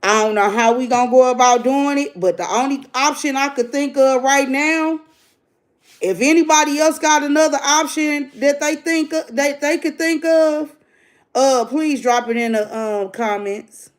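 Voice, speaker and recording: Her voice sits high and her pace is moderate. This middle-aged livestream host delivers a blunt, casual rant to her audience, sermonizing like a preacher.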